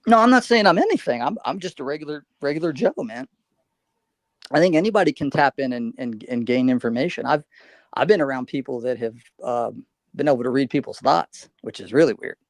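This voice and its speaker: A man's voice: medium pitch, animated, a little fast, no room sound. A man on a livestream panel, talking in a rambling, storytelling way full of restarts. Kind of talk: casual panel chat.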